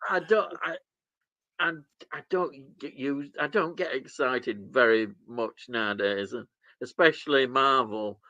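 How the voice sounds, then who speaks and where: A man's voice: mid-range voice, a little slow, sharp tone, no room sound. A man, co-hosting a live stream, chuckling as he reads out chat messages. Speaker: stream co-host reading chat. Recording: dull, dry sound.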